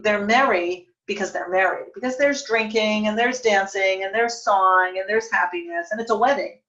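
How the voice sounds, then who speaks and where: A woman's voice: mid-range voice, a bit bright, dull audio. A woman teaching a Talmud study lesson, reading passages aloud and translating them, thinking aloud and correcting herself as she goes. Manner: thinks aloud, self-correcting with fillers and restarts.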